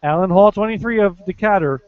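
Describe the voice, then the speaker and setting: A man's voice: a little fast, clear, resonant tone, no room sound. A man with an East Coast American accent co-hosting a casual podcast, reading odd news stories with dry, sarcastic asides. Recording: dull, low-fidelity podcast audio.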